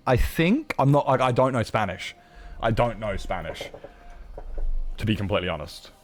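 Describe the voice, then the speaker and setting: On a live game stream, a man chats loosely, rambling and joking, with sudden high, excited greetings popping up.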